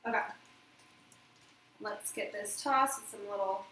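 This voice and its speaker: A woman with a mid-range voice hosts a live cooking stream from her home kitchen, speaking a little slowly and pausing often as she chats and rambles casually to viewers while she cooks. Her phone sits back from her, so the recording has a roomy echo, a distant-mic sound, and clear background noise.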